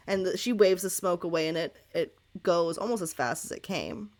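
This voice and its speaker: A woman narrating a tabletop game as game master, lively and laughing often. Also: fairly low pitch, normal speed, hardly any pauses.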